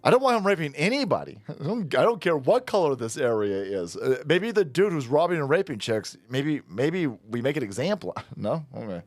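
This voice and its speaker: A man's voice: medium pitch, big pitch swings, moderate pace, few pauses, dry recording. A man giving a ranting commentary vlog, angry and sarcastic, swearing and laughing mockingly as he talks. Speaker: online commentator.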